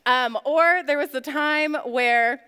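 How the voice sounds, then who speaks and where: A woman's voice: high-pitched, slow pace, sharp tone. A young woman speaking to a church youth group, telling stories in a chatty way with many "like" fillers. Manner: chatty storytelling full of "like" fillers. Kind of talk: casual youth group talk. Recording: long hall reverb.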